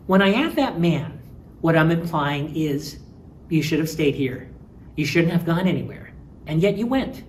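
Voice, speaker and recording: A woman's voice: sits low, animated, moderate pace, darkish tone, a little hiss or hum. A woman lecturing on language, explaining step by step and acting out short example phrases. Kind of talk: recorded linguistics lecture.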